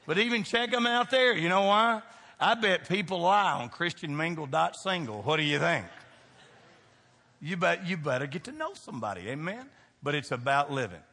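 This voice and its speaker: A man's voice: on the high side, big pitch swings, moderate pace, sharp tone, big-room sound. A man pastor preaching a sermon, emphatic and folksy, throwing call-and-response questions to the congregation. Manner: folksy, joking asides to the congregation.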